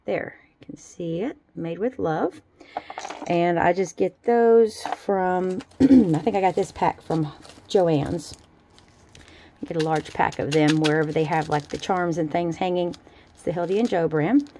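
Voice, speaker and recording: A woman casually showing off her handmade jewelry in a relaxed, chatty way at a home craft table. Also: on the low side, unhurried, a little hiss or hum. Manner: chatty, relaxed, fond little asides. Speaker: jewelry-making vlogger. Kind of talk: casual show-and-tell.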